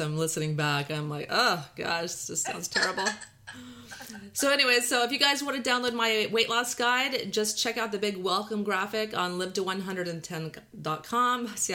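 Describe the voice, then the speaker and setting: A woman's voice: medium pitch, normal speed, pushed and bright. A woman from Texas with a drawl and a Valley Girl lilt, hosting a podcast in a chatty, self-deprecating way and laughing often. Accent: Texan drawl mixed with Californian Valley Girl. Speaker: podcast host. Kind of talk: casual podcast chat.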